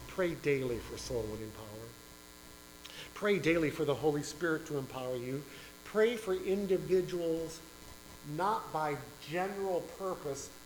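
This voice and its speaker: A man preaching a sermon as pastor, telling a parable with lively acted-out voices. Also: fairly high pitch, roomy sound, a little hiss or hum, poor audio. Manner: animated storytelling, acting out voices and shouts. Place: church.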